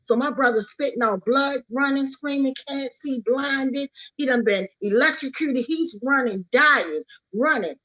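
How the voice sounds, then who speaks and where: Her high voice has a sharp tone as this activist speaks at a measured pace with few pauses at a livestreamed rally. Addressing her brother's death, she's urgent and emphatic, hammering key words through repetition, and the audio is lo-fi.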